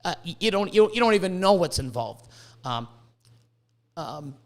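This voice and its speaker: Stammering, profane high-voiced man. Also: very animated, normal speed. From Canada. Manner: profane, stammering, repeats words, emphatic. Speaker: podcast host. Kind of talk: casual podcast chat.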